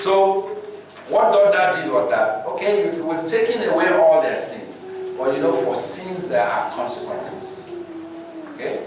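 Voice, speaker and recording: A Nigerian man preaching a sermon, animated and dramatizing scripture stories, heard from afar in an echoing church hall. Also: on the high side, normal speed, noisy background. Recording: echoey hall from far off.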